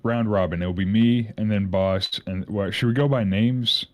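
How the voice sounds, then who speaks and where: A lower-pitched man on a group voice call, reading a wiki's rules aloud to friends. He swears freely and stumbles into repeats when he gets worked up. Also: moderate pace, a little hiss or hum. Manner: profane, restless, repeats himself. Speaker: streamer reading wiki rules. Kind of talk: casual chat on a group stream.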